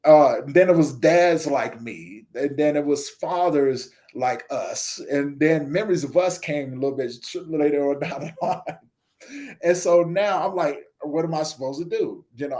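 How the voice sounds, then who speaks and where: A man talking through a personal story on an interview show. He slips into softer, lower tones when he quotes the people in his tale. At other moments he lifts his voice and gets loud and lively. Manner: animated storyteller, acts out dialogue with voice shifts; drops soft and low when quoting others. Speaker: podcast guest, nonprofit founder.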